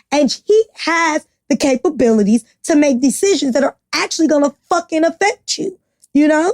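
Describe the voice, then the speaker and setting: Woman podcast co-host, high register, fired-up and blunt, swears a lot; dry, close mic. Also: moderate pace, darkish tone, dry recording. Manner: passionate, blunt, swears freely. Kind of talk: casual opinionated chat.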